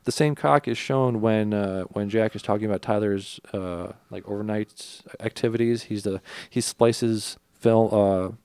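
A man's voice: fairly low pitch, fairly even intonation, unhurried, darkish tone, clean tone, no room sound. A man hosting a podcast, casually retelling movie scenes with crude humor and acted-out lines. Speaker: podcast host.

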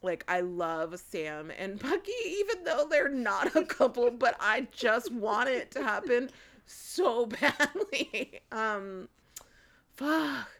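A woman's voice: on the high side, expressive, slow pace, a bit bright. A young woman co-hosting a podcast in casual chat, giggling often, swearing freely and filling with "like" and "um". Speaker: podcast co-host.

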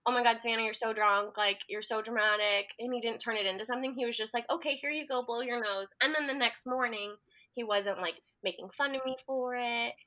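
A young woman with a bright, fairly high voice tells a story in casual chat. She giggles through her words and tells it with animation. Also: steady tone, brisk. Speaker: guest.

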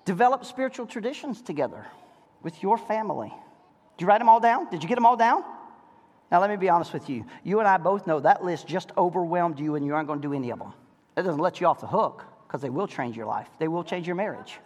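A middle-aged pastor preaching a sermon to married couples, firing rhetorical questions and acting out voices. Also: male voice, sits high, lively intonation, fast talker. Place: church sanctuary. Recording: reverberant church hall.

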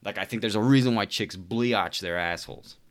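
Deep-voiced man on a profane rant. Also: brisk. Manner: profane, rambling, says "dude" constantly. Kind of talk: casual comedic rant.

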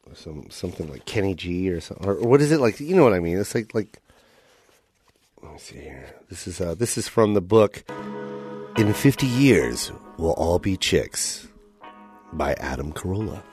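A man's voice: deep voice, very animated, moderate pace, darkish tone, breathy edge, soft background music. A man hosting a casual comedy podcast, playful and teasing, hamming things up with his friends on a studio mic. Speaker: podcast host.

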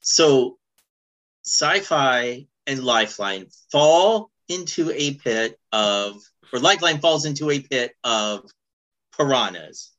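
A playful co-host tells a story slowly on a casual chat show. The voice is bright and moves widely in pitch. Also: expressive, muffled recording. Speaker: podcast co-host. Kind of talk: casual chat about a cartoon.

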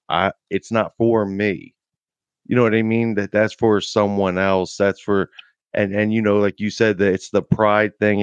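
A man's voice: lowish voice, clean tone, dry recording. A man who is a veteran and podcast host, asking questions in a searching way and thinking aloud as he goes. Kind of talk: casual interview questions. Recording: slightly dull lo-fi recording.

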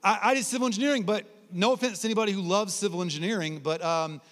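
Animated preacher in a big echoing hall. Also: male voice, rapid-fire. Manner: animated, conversational storytelling that shifts to soft, low emphasis. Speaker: guest preacher. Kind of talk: sermon with personal stories. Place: large hall at a college ministry gathering. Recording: long hall reverb.

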